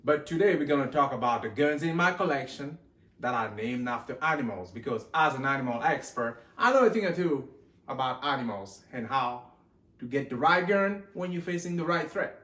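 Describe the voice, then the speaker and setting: A man's voice: medium pitch, animated, normal speed, fairly bright tone. A man hosting a gun collection vlog in a rambling, joking way, putting on a mixed Texan and Australian accent. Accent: put-on mixed Texan and Australian. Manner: rambling, joking, loses count. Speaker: gun channel host. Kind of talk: casual show-and-tell vlog. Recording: echoey room.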